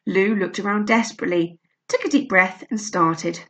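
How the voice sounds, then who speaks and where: A woman reading a children's novel aloud, with a lively, expressive delivery. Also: medium pitch, moderate pace. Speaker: storyteller.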